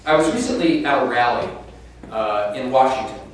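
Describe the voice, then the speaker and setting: A man's voice: medium pitch, animated, moderate pace. A man giving a talk to a room, telling a story and addressing the audience directly. He sounds far from the mic, and a heavy room echo trails every phrase. Faint background noise sits under his voice. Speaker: keynote speaker on inequality. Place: conference room.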